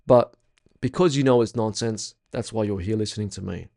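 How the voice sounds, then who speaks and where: A man's voice: lowish voice, fairly quick, creaky, dark tone. A young man teaching a spiritual workshop in a casual, blunt way, swearing freely and repeating his points with emphasis.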